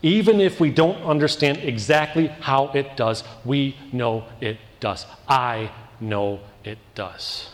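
A man preaching a sermon as pastor, telling a personal story with animated quoted voices and building into emphatic repeated lines. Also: mid-range voice, slow pace, big-room sound.

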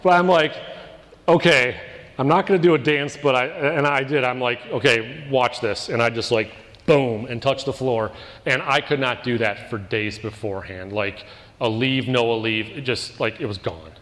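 A man preaching a sermon as pastor, telling a personal story with animated quoted voices and building into emphatic repeated lines. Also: mid-range voice, normal speed, long reverb tail.

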